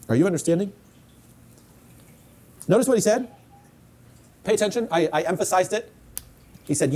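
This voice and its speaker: A man's voice: mid-range voice, darkish tone. A man preaching a sermon, reading scripture aloud, repeating key lines and asking pointed rhetorical questions.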